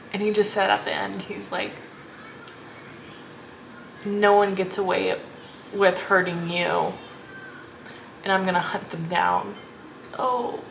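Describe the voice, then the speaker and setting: A woman's voice: mid-range voice, creaky, a bit bright, slight background noise, rough recording. A young adult woman chatting casually in a reading vlog, gushing and rambling with lots of filler words. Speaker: book vlogger.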